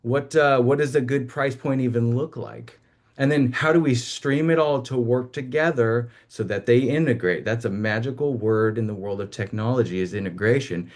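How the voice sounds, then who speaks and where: A man hosting a small business talk, speaking in a measured way with frequent fillers. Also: mid-range voice. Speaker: host.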